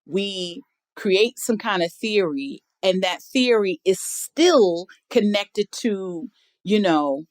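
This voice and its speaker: A middle-aged woman in a casual podcast chat, talking with emphatic, animated force. Her voice sits at an ordinary middle pitch. The sound is dry and close, with no room around it. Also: slow pace, dry recording. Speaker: podcast guest.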